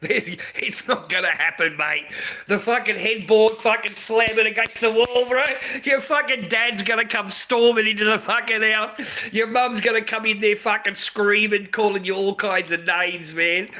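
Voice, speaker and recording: A middle-aged man with an Australian accent rants at his audience, rambling and lecturing with heavy profanity. His voice is tense and cutting, and it sits a little high for a man. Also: fairly even intonation, a little slow, bright, forceful tone, a little hiss or hum. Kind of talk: casual rant to viewers.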